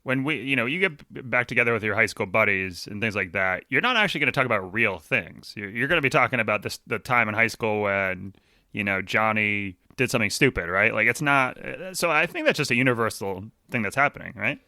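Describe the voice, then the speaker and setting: A man co-hosting a casual book club podcast, animated and quick to react, swearing freely. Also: lowish voice, no room sound, studio quality. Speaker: podcast co-host.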